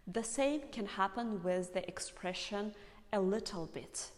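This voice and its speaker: A woman with a fairly low voice teaches English pronunciation. She speaks slowly and carefully, repeating each example word. Her voice trails off into a long room reverb. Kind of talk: explaining pronunciation to learners.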